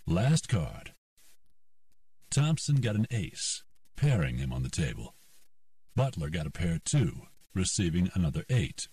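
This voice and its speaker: Deep male audiobook narrator, slow and expressive, dry slightly distant recording. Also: no echo. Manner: steady, unhurried storytelling. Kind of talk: scripted narration.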